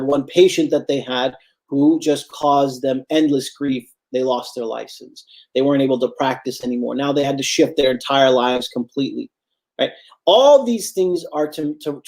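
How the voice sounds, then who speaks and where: A man's voice: on the high side, darkish tone. A man giving a Friday sermon as imam, earnest and repetitive for emphasis, addressing his listeners as brothers and sisters.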